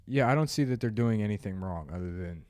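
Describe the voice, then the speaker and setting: A man's voice: on the low side, expressive, quick pace, a little mellow. A man co-hosting a comedy podcast, trading profane, sarcastic put-downs in casual banter. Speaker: podcast co-host.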